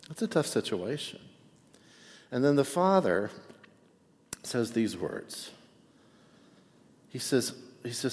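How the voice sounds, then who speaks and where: Pastor guy preaching casual style, lots of "right?", normal pitch, echoey church hall. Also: slow, pauses often. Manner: conversational, frequent "right?" asides, animated. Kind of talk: sermon.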